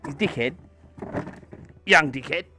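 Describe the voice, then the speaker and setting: Bright, sweary Australian bloke. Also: male voice, a little high, unhurried, slight background noise. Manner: rambling, sweary storytelling with lots of fillers. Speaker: livestreamer painting miniatures. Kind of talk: casual chat while painting on stream.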